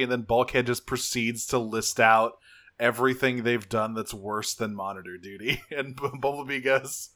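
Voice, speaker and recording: A man with a bright, forceful voice co-hosts a casual podcast. He recaps a cartoon episode, swears often and jumps into quick impressions of the characters. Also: medium pitch. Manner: profane, animated, acts out characters' lines. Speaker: podcast co-host.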